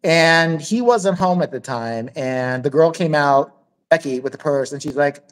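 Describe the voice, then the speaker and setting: A man's voice: fairly high pitch, unhurried, low-quality recording. A man hosting a podcast, telling a story in a loose, profane way and acting out the voices. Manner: profane, animated, acts out voices in stories. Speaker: podcast host. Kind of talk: casual storytelling chat.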